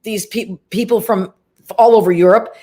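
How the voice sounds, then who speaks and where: A woman's voice: mid-range voice, fairly even intonation, dark tone. Chatty middle-aged woman telling stories. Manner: chatty, laughing, jumps into quick impressions. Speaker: actress guest. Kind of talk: casual interview chat.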